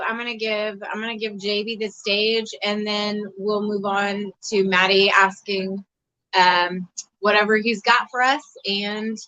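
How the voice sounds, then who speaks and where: A woman's voice: mid-range voice, pushed and bright, dull audio. A woman with an Oklahoma accent hosting a casual livestream, greeting viewers in the chat by name. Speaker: host.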